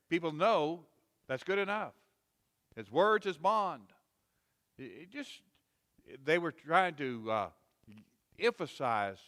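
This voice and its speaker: Man, preacher, folksy and repetitive, fairly high voice, long church reverb. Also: fairly bright tone. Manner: folksy, repetitive, rising to emphatic quoted rebukes. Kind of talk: sermon. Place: church sanctuary.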